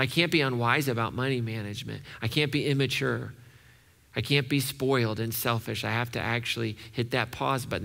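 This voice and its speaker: Male pastor, animated preacher, gravelly and bright. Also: medium pitch. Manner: animated, acts out quoted voices. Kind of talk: sermon.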